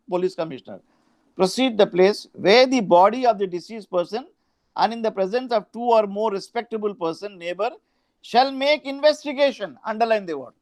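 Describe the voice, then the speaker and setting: Indian English man, law lecture, reads out statutes, high pitch. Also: darkish tone, no echo. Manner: reads statute aloud, mixing in Hindi asides. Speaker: law professor.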